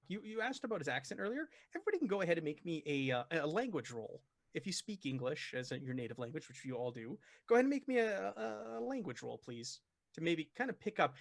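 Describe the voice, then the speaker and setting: A man narrating as game master of a tabletop horror game, animated and prone to stumbling restarts. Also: on the high side, creaky, dry recording, clean studio sound.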